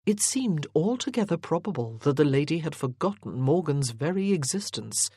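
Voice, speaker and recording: A measured audiobook narrator reading a historical romance at an unhurried pace. The voice sits in a middle register and sounds dry and close to the mic, with no room around it. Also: medium pitch, very animated, mellow, slightly rough, dry recording.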